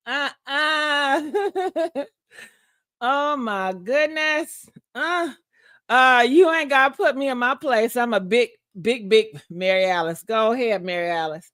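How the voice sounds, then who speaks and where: Sassy high-voiced woman. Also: takes it slowly, fairly bright tone, dry recording, studio quality. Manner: sassy, laughs often, drawls words out. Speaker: host. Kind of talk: casual live-stream chat.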